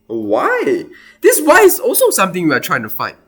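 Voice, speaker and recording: Animated male math teacher. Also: high voice, fast, husky. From Singapore. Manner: animated, thinking aloud with exclamations. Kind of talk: explaining a worked math problem.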